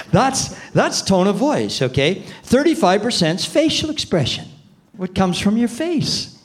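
A man's voice: sits high, big pitch swings, slow, pauses often. An older man giving a sales training talk, chuckling often and acting out little scenes with quoted people.

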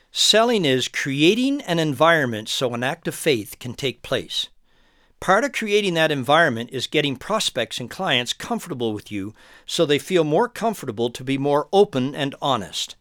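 Lively older man giving sales training. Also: on the high side. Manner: lively, chuckling, acts out quoted people. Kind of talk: training seminar talk.

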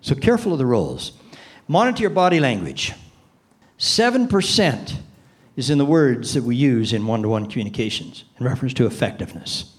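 A man's voice: mid-range voice, sing-song, brisk. An older man giving a sales training talk, chuckling often and acting out little scenes with quoted people.

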